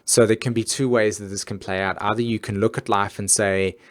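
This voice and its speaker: A man's voice: on the low side, fairly even intonation, brisk. A man hosting an astrology live stream, talking earnestly and casually with many fillers and restarts.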